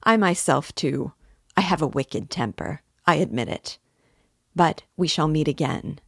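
A woman reading the part of an excitable male police investigator, hurried and emphatic. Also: sits low, creaky, breathy edge, dry recording, clean studio sound, exaggerated voice. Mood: excited. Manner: hurried, emphatic, louder than the narration.

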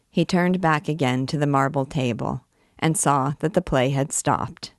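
Low-voiced woman reading a novel aloud. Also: measured pace, no echo, clean studio sound. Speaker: reader and guide to a classic novel.

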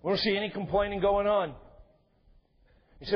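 A man's voice: sits high, expressive, fairly quick, breathy edge, highs cut off. A male pastor preaching a sermon in a conversational way, with joking asides to the congregation. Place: church sanctuary.

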